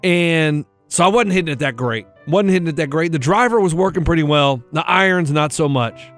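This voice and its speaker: A man's voice: fairly high pitch, brisk, a bit bright, faint music behind. A man co-hosting a radio show, telling a story in casual chat and acting out the other people in it. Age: middle-aged.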